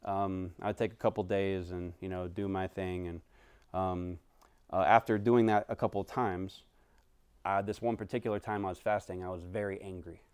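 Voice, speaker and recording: Low-voiced man preaching a conversational sermon. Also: moderate pace, clean tone, no echo. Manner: conversational preaching, swings from animated to hushed. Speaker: pastor.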